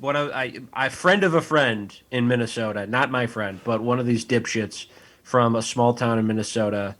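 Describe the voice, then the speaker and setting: A man's voice: mid-range voice, moderate pace, fairly bright tone. A man co-hosting a podcast, chatting casually in a wry, rambling way. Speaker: podcast co-host. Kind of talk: casual chat.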